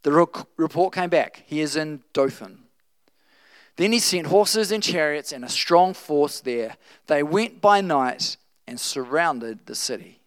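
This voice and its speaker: A man preaching a sermon, reading scripture and acting out the quotes with playful, animated asides. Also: on the high side, measured pace, dry recording.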